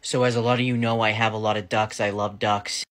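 Chatty man with a bright voice. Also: on the low side, flat delivery, fairly quick. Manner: chatty, self-mocking, laughs mid-sentence, swears casually. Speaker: storyteller. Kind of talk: casual storytime monologue.

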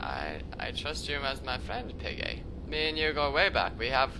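A young man giving casual gameplay commentary as a let's play host, joking, swearing often and reacting loudly when startled. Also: medium pitch, big pitch swings, normal speed, noisy background. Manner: jokey, swears a lot, loud startled reactions.

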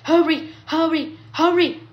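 A woman's voice: fairly high pitch, big pitch swings, takes it slowly, muffled recording. A woman doing a huffy little engine. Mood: panting. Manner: cross, huffing and puffing. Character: eager, proud little male tank engine.

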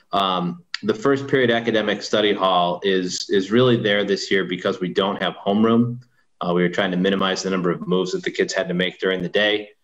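A man's voice: deep voice, a bit bright, lo-fi sound. A man, a school administrator, answering an attendance question in a helpful, matter-of-fact way over a video call. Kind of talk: virtual town hall Q&A.

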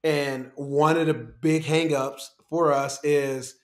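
A technology executive appears as a guest on a conversational podcast, his fairly high voice steady and slow. He's easygoing and laughs often while telling stories, and the recording has a roomy echo.

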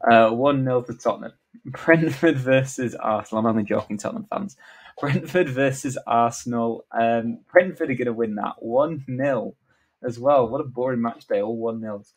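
A man at an ordinary middle pitch talking alone through his predictions. He is offhand and joking, and fills the gaps with "um" and "uh" as he goes. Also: normal speed, breathy edge, rough recording. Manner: offhand, joking, many fillers. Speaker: vlogger. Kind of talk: casual predictions commentary.

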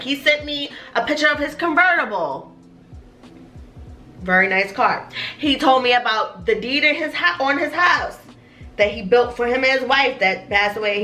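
A woman's voice: on the high side, reverberant. A young woman vlogger telling a story to camera in a casual, cursing manner, acting out the people in it. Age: young adult. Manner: animated, cursing, acts out voices. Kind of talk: storytime vlog.

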